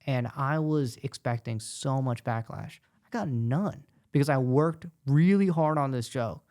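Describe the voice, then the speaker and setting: A man who is a stand-up comedian and guest, talking casually and animatedly, telling stories with quick asides. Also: mid-range voice, darkish tone. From United States. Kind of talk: casual podcast conversation.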